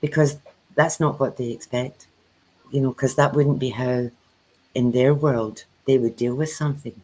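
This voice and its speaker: Woman telling lively stories. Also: very deep voice, moderate pace, poor audio. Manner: animated storyteller who acts out quoted dialogue. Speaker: co-host of a spiritual chat. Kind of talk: casual chat.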